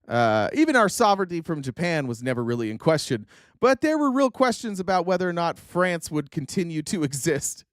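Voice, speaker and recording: A man's voice: fairly high pitch, fairly quick, dry recording, clean studio sound. Sarcastic man commenting on a stream. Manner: sarcastic, animated. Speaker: streamer host.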